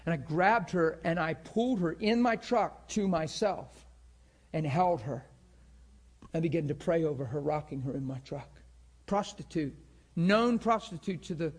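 A man's voice: fairly high pitch, moderate pace. A middle-aged male pastor telling a story in a sermon, acting out the voices of the people in it with strong feeling. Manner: emotional, acts out both sides of a story.

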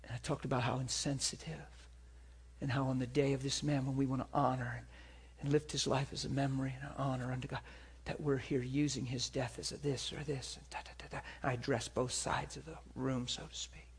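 A man preaching a sermon, moving between hushed, whispered moments and loud, impassioned stretches. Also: mid-range voice, flat delivery, a little fast, vocal fry, husky.

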